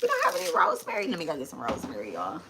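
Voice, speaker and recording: A woman's voice: on the low side, wildly swooping pitch, rapid-fire, vocal fry, heavy background noise. A young adult woman hosting a live tarot stream, chatting casually and repeating herself as she talks straight to her viewers.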